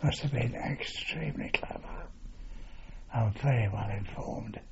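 An older man recounting his wartime service in an oral history, halting with fillers and mild swearing. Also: medium pitch, gravelly, in a whisper. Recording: dull lo-fi recording with steady noise.

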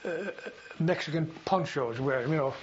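A veteran being interviewed for an oral history, this older man has a voice a little high for a man. He reminisces in a rambling, unhurried way, often pausing on fillers and restarting sentences. The recording is dull and lo-fi with faint hiss.

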